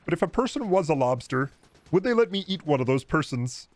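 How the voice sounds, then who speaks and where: A man impersonating a pompous lecturer who rambles nonsense in a rapid lecturing manner. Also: a little high, very animated, dry recording.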